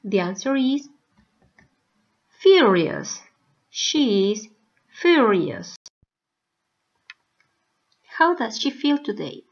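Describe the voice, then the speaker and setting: Teacher, female, higher voice, deliberate spaced-out delivery for learners, muffled low-fi audio. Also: very animated. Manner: slow, carefully spaced words for learners. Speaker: English teacher. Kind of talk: slow recorded video lesson. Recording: dull lo-fi recording.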